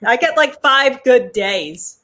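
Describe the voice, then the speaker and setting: A woman's voice: high-pitched, expressive, slow pace, bright, forceful tone. A woman co-hosting a talent show, trading joking, chatty banter.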